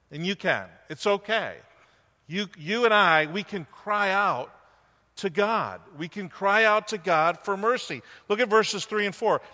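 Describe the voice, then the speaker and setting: Bright-voiced man preaching in a reverberant hall. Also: high-pitched. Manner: conversational preaching, asks the congregation questions. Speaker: pastor. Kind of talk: sermon. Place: church sanctuary.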